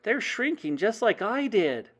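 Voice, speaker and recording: A man doing an excited little boy. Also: high-pitched, measured pace, voice pushed up, heavily acted. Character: excited young boy turned into a mouse.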